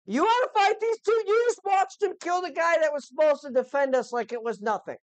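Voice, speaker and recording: A woman voicing a frantic male merchant who was hired as a carriage guard and shouts his excuses. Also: sits high, a little fast, dry recording, pitched above the performer's own voice, lightly acted. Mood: mocking.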